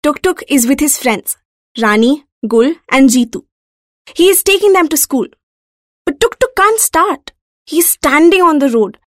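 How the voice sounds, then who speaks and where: High, sing-song woman reading a storybook. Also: lively intonation, a little slow, no echo, studio quality.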